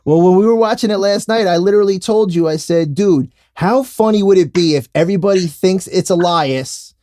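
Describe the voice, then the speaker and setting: A man's voice: high voice, a little fast, a little mellow, dry recording, clean studio sound. A man co-hosting a casual podcast, laid-back and joking, laughing often and swearing freely. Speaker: podcast co-host. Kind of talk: casual chat.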